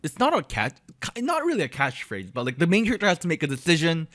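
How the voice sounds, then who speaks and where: Animated young man telling a story. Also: on the high side, quick pace, dry recording. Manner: animated, many fillers and restarts, acts out quotes. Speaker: podcast co-host. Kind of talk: casual storytelling chat.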